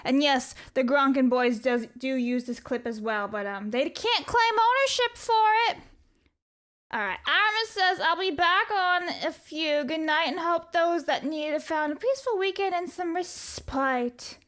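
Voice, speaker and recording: High-voiced, chatty woman streamer. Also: animated, a little slow, fairly bright tone. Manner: rambling and profane, reads chat aloud. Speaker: livestreamer. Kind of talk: casual live stream chat.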